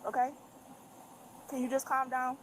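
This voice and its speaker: A woman pleading with a detained man to calm down, outdoors by a car during a police stop. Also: high-pitched, normal speed, noisy background. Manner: pleading, trying to calm someone.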